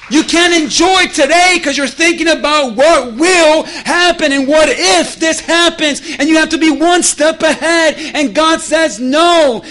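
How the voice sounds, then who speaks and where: A man preaching a lively, playful sermon in church, calling for responses and acting out voices. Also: extremely high pitch, normal speed, hardly any pauses. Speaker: pastor.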